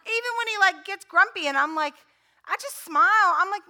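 A woman pastor preaching a sermon, moving between conversational storytelling and loud, fervent repetition. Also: extremely high pitch, lively intonation, brisk.

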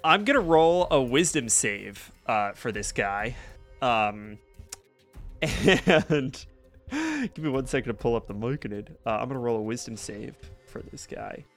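Easygoing game master, bright lively delivery, dry mic, faint music. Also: male voice, medium pitch, measured pace. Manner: relaxed, joking narration. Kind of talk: narrating a tabletop game.

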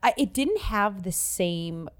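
A woman's voice: mid-range voice, expressive, takes it slowly. A woman co-hosting a podcast in casual chat, rambling with many restarts and repeated words. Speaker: podcast co-host. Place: New York City.

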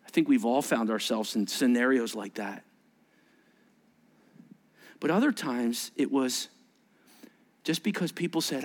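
A male pastor preaching a sermon in a conversational, animated way, acting out quoted voices and asking the listeners questions. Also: mid-range voice, measured pace, long pauses. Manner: animated, acts out quoted voices with sudden rises; conversational, asks the congregation questions.

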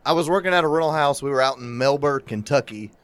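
A man's voice: mid-range voice, fast, no echo. A man co-hosting a podcast, telling a crude story in casual chat, swearing often and laughing. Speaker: podcast co-host. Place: lives in the American South.

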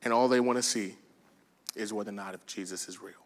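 A man preaching a sermon, telling stories with lively bursts of shouting and quiet, soft asides. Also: lowish voice, fast talker. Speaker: pastor.

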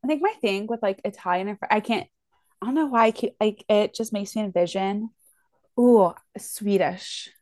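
A woman's voice: mid-range voice, quick pace, no room sound, studio quality. A woman co-hosting a book podcast in casual chat, talking in restarts with lots of "like". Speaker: podcast co-host.

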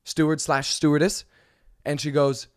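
A man telling a story in a casual vlog, animated and swearing, with many fillers. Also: a little high, normal speed, no echo, clean studio sound.

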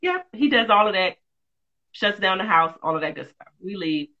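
A woman, a mother of two, telling a personal story in a candid, lively, casual way with quick asides. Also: mid-range voice, lo-fi sound. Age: adult, mother of two.

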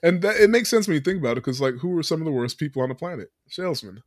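A man's voice: on the high side, animated, racing, dry recording, clean studio sound. A man hosting a podcast, casually recapping a movie plot and laughing often. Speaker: podcast host.

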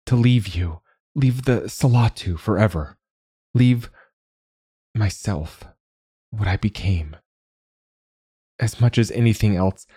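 A man voicing an earnest, heartfelt young woman librarian, speaking in a halting, emotional way. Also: sits low, warm tone, breathy edge, no echo, clean studio sound.

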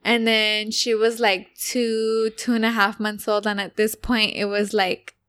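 A young woman with a mid-range, a bit bright voice speaks unhurriedly with a flat delivery. She casually tells a personal story, chatty and full of "like" fillers, acting out what people said.

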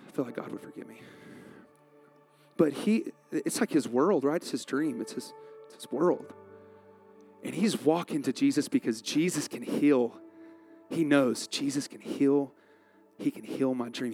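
A man pastor preaching a sermon in a conversational, animated way, acting out quotes from the story. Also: fairly high pitch.

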